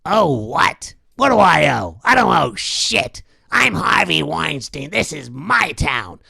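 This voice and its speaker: A man's voice: fairly high pitch, sing-song, slow, vocal fry, breathy edge, no echo, studio quality, voice pushed up, heavily acted. A man doing a blustering Hollywood mogul. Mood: indignant. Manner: shouty, crude and boastful.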